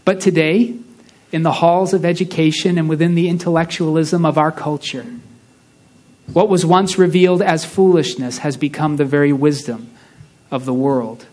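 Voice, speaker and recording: A man preaching a sermon, reading a story aloud with slow, hushed emphasis on key lines. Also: fairly high pitch, steady tone.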